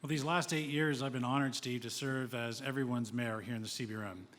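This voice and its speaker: A man who is the sitting mayor gives a steady, measured debate statement, ticking off points one after another. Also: medium pitch. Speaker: incumbent mayor. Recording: long reverb in a convention hall.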